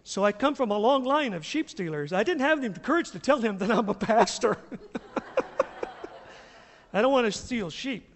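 High, lively pastor in an echoey church. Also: male voice, normal speed, long pauses, slight background noise. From US South. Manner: animated, chuckling storyteller. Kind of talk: sermon with storytelling. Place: church sanctuary.

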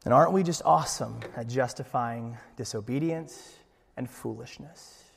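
A man preaching a sermon as pastor, acting out the dialogue with big, loud swings in voice. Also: mid-range voice, moderate pace, vocal fry, breathy edge, big-room sound.

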